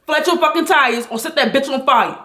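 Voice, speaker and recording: A woman angrily venting a story on a livestream, talking loud, blunt and full of profanity. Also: high voice, brisk, reverberant.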